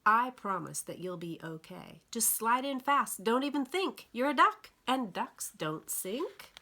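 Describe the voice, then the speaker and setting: A woman's voice: on the high side, very animated, a little slow, bright, forceful tone, voice pushed up, full character voice. A woman voicing an encouraging friendly male frog in a storybook, with a reassuring, coaxing way of talking.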